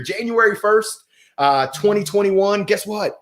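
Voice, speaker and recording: A man hosting a motivational livestream, talking with playful energy and giving shout-outs to viewers. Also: sits high, animated, moderate pace. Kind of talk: upbeat motivational livestream talk. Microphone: gold microphone.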